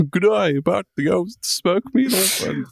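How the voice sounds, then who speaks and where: A man's voice: high-pitched, lively intonation, normal speed, gravelly, no echo, studio quality, voice pushed up, heavily acted. A man doing a goofy mock Australian bloke. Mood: joking. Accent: put-on Australian. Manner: goofy, joking. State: intoxicated. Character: mock laid-back Australian bloke, male adult.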